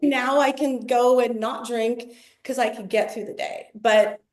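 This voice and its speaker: A woman with a high voice, chatting casually in a book group. She acts out her own reactions as she goes, and her voice rings with a roomy echo. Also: steady tone, measured pace.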